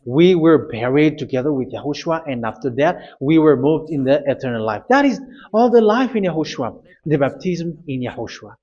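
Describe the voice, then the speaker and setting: A man preaching a sermon, insistent and repetitive, often pausing with hesitations. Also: a little high, lively intonation, darkish tone. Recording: dull lo-fi recording.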